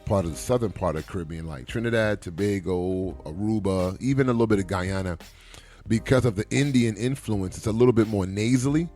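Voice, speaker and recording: Deep-voiced man telling animated stories. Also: a little fast, soft background music. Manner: animated storyteller who acts out quoted dialogue. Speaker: podcast co-host. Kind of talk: casual chat.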